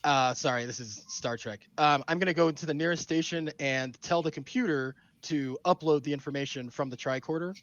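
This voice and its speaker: A man's voice: fairly high pitch, brisk, few pauses, no echo, lo-fi sound. A man playing a tabletop role-playing game, rambling and searching for words with many fillers. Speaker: player.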